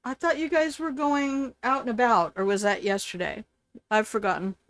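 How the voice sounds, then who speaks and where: A woman's voice: fairly high pitch, fairly even intonation, normal speed, a bit bright, no echo. Playful older woman streaming a game. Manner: playful, chatty, reads and answers chat. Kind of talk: live gameplay stream chat.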